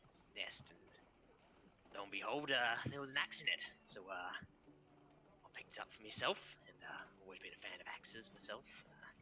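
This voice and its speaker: A man's voice: lowish voice, bright, forceful tone. An Australian man voicing a surly, tied-up male prisoner who grumbles and mutters, over an online call. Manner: grumbling, hesitant, drops to a mutter.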